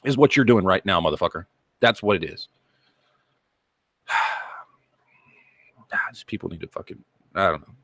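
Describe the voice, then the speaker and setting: A man's voice: medium pitch, dry recording, clean studio sound. Man on a swearing rant. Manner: profane, heated, repeats himself. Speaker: channel host. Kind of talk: angry rant to camera.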